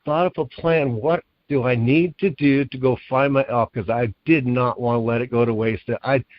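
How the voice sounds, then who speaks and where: A man recounts a story to an interviewer at mid pitch, acting out the voices of the people in it. His voice sounds close and dry, with no room around it. The sound is a little dull and lo-fi. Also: moderate pace, no room sound. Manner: animated storyteller, acts out quoted lines. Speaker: author and guest.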